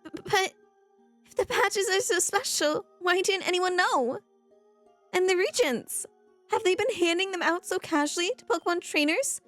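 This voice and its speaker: A woman's voice: very high-pitched, normal speed, fairly bright tone, soft background music, pitched above the performer's own voice. A woman voicing a dreamy, scatterbrained young artist in a game, with French words dropped into her speech. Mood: earnest.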